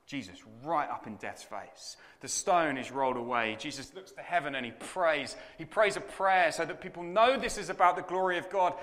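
A male preacher delivers a sermon in a lively, dramatic storytelling style. His voice is bright and clear with a slightly high pitch. It rings out with long reverb in a large hall. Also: normal speed, hardly any pauses. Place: conference hall.

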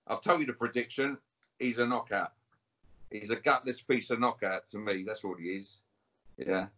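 British man, husky, combative interview guest on a video call, taunting. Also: on the low side, moderate pace, bright, forceful tone. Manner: taunting, repetitive, calls listener mate. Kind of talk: combative interview trash talk.

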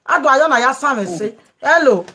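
A woman's voice: high voice, lively intonation, moderate pace, crowd noise. A Nigerian woman hosting a live show, taking calls and talking emphatically in pidgin. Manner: emphatic, pleading. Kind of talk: Pidgin live-stream chat with callers.

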